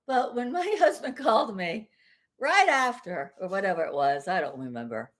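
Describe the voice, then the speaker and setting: A woman's voice: medium pitch, expressive, moderate pace, background noise. A woman ranting in a casual vlog from home, blunt and heated, with mild swearing, rambling and repeating herself. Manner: rambling and repetitive. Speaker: vlogger.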